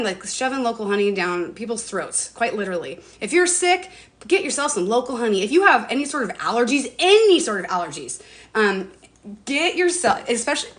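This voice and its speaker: A woman's voice: a little high, fairly bright tone. A woman in her forties chatting casually on a home livestream about skincare, bubbly and talkative with mild swearing. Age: 40s. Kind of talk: casual live-stream chat.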